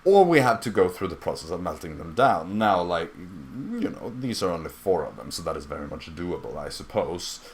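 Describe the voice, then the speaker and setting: A man playing a smooth, scheming gang leader. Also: low voice, sing-song. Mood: smug. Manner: genteel, condescending and wheedling, with drawn-out pauses. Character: smooth, scheming male outcast gang leader posing as a noble. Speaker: game master. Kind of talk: voicing a character in a tabletop game.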